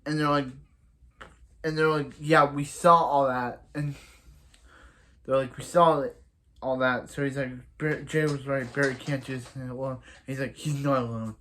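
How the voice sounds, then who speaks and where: A man casually recapping a TV episode, rambling with lots of restarts and acting out characters' lines in quick asides. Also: mid-range voice, a bit bright, slight background noise. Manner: rambling, full of restarts and "so yeah". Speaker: TV episode reviewer.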